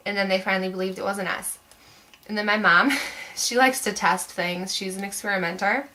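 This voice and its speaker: A woman's voice: medium pitch, fairly even intonation, moderate pace, pushed and bright, poor audio. A young woman vlogger telling a story to camera in a chatty, rambling way, full of "like" fillers.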